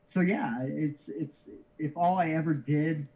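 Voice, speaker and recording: A man's voice: a little high, fairly even intonation. A middle-aged man telling his story as an interview guest, casually, with lots of restarts and easy chuckles. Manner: halting, many restarts, easygoing chuckles. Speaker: interview guest, card shipper. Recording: slightly dull lo-fi audio.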